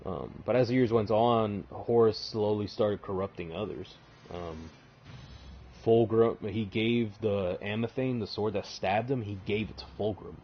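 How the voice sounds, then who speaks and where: A man's voice: fairly low pitch, fairly even intonation, a little slow. A male streamer retells game lore in a casual, profane, filler-heavy way. His voice sits mid-range, recorded slightly muffled with a faint hiss behind it.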